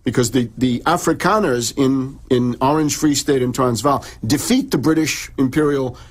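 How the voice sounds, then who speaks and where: A man's voice: mid-range voice, moderate pace. A middle-aged man, an in-studio guest, lecturing on history in a radio interview, restarting and repeating words as he goes. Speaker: in-studio guest author and researcher.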